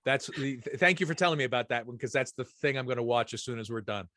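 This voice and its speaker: A man's voice: medium pitch, fast talker, pushed and bright, no room sound, studio quality. A middle-aged man hosting a casual chat, telling a rambling, anecdotal story full of restarts. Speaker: host.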